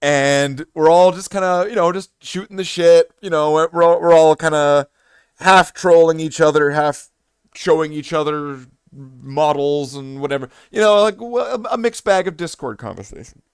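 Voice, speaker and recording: A man streaming who tells a story in a casual, animated way, swearing and restarting his sentences. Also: a little high, normal speed, smooth, dry recording, clean studio sound.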